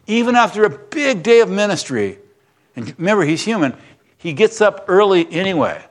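A male pastor preaching a sermon, telling Bible stories with lively acted-out lines and closing in earnest prayer. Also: high voice, moderate pace. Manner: animated storytelling, acting out voices, then quiet earnest prayer.

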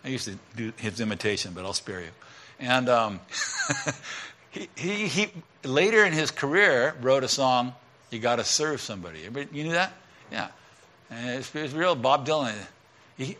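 A middle-aged male pastor giving a conversational sermon, swinging between loud emphatic lines and quiet asides. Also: mid-range voice, lively intonation, moderate pace.

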